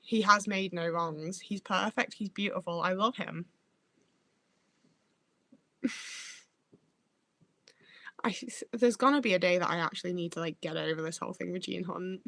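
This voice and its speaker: A woman's voice: lowish voice, normal speed, gravelly, long pauses, pushed and bright, no echo. Chatty northern English woman, dry sound. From Stoke-on-Trent, England. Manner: chatty and laughing, swears freely. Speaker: livestreamer reading chat. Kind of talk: casual chat.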